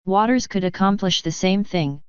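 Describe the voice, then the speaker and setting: A woman's voice: mid-range voice, moderate pace, clean tone, no room sound, dull audio, lightly acted. Smug teasing water elemental woman, read by a woman.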